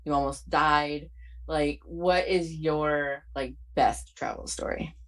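A woman hosting a podcast, asking questions in relaxed, blunt casual chat full of fillers. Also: deep voice, slow pace. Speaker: podcast host.

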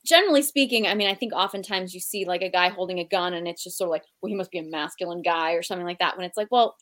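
A woman's voice: on the low side, very fast, a bit bright. A woman guest on a talk show, answering thoughtfully and hedging with fillers. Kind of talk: casual discussion.

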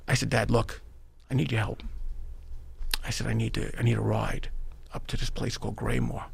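A middle-aged man with a New York accent tells his story as a podcast guest, emphatic and animated. His voice is gravelly and a bit husky. The sound is dry and close, with no room around it. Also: mid-range voice, a little fast, pauses often, no echo. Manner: animated, emphatic, addresses the host by name. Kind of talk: storytelling in a conversational interview.

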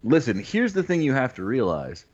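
A man's voice: mid-range voice, wildly swooping pitch, moderate pace, a little mellow. A man co-hosting a casual podcast, joking and sarcastic. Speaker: podcast co-host. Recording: dull lo-fi audio.

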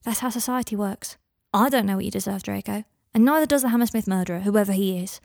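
A calm young man, as a woman reads him, speaking softly and evenly to reassure. The recording is close and dry. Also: mid-range voice, fast, creaky, no room sound. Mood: soothing. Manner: soft, level, reassuring. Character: calm, soothing young man, quietly controlling.

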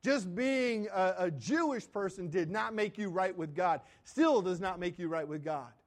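A man preaching a sermon in a conversational way, asking questions and answering them himself, often trailing off quietly at the end of phrases. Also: high-pitched, moderate pace. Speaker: pastor.

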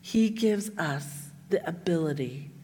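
A woman's voice: lowish voice, expressive, slow pace, darkish tone, slight background noise. A woman preacher delivering an earnest sermon, reading scripture with emphasis and dropping to near-whispers to stress points. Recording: echoey hall with long reverb.

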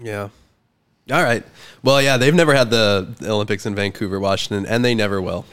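A man's voice: on the low side, a little fast, a bit bright, smooth. A young man in casual podcast chat, telling a story in a loose, rambling way full of fillers. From Canada. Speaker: podcast guest.

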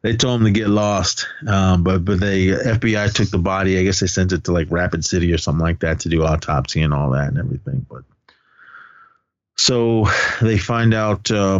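Male podcast co-host, low voice, casual rambling movie recap, dry lo-fi sound. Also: dry recording. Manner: retells scenes with quoted lines and laughs. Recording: dull lo-fi podcast audio.

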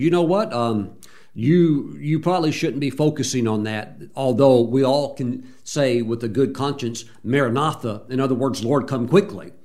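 Guy preaching a sermon, chatty asides then urging, lots of praise the lord, mid-pitch voice. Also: darkish tone. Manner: earnest exhortation with frequent praise interjections; conversational asides and restarts.

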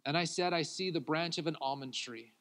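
Bright-voiced man preaching a sermon. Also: on the high side, a little fast. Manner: swings between loud acted-out pleas and quiet confiding talk, laughs often. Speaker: pastor.

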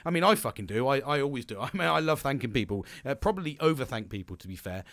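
A man's voice: medium pitch, animated, fast talker, fairly bright tone, no echo, clean studio sound. A young man hosting a podcast, talking in a casual, rambling way, swearing freely and laughing often. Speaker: podcast host. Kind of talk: casual motivational monologue.

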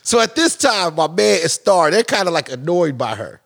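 Animated gravelly-voiced man telling stories. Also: sits high, moderate pace, dry recording, studio quality. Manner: animated storyteller, acts out other people's lines in raised voices, laughs often. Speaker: podcast host telling a story. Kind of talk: casual storytelling chat.

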